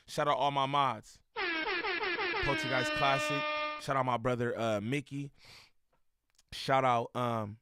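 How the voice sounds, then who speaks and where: A man livestreaming, reacting to a video and shouting out his chat in loose, slangy street talk with frequent laughs. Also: mid-range voice, dry recording, clean studio sound. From Inland Empire, Southern California. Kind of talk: live-stream reaction and chat shout-outs.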